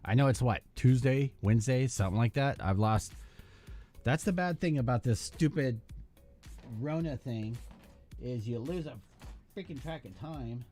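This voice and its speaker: A man's voice: mid-range voice, lively intonation, normal speed, warm tone, faint music behind. A man hosting a live hobby stream, chatting loosely with lots of fillers and half-finished thoughts while building a model kit. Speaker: hobby channel host.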